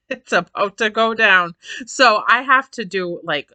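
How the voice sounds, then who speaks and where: A woman in her forties talks straight to her viewers in a casual vlog. Her voice is bright and forceful, and the recording is dry and close. She is chatty, laughs often and repeats phrases for emphasis. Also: medium pitch, slow, no echo. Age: 40s. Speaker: vlogger. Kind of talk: casual chat to camera.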